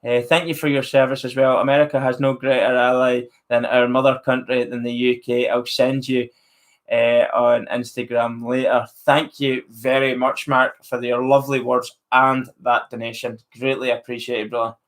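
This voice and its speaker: A man's voice: mid-range voice, little pitch movement, normal speed. Chatty Northern Irish man. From Northern Ireland. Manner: chatty, friendly, reads viewer names aloud. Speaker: live stream host. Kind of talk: casual live chat reading comments.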